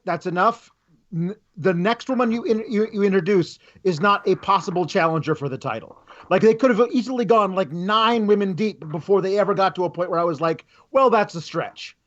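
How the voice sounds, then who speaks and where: High-voiced man on dull lo-fi audio. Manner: chatty, animated, quotes others in quick put-on voices. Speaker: podcast co-host. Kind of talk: casual review chat.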